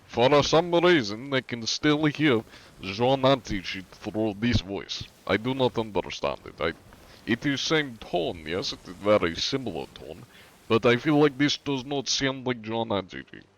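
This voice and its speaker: A man's voice: mid-range voice, big pitch swings, moderate pace, few pauses, poor audio. A man putting on a big sweaty KGB Russian. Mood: boastful. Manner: put-on stereotypical Russian accent, drops articles. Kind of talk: in-game role-play on a live stream.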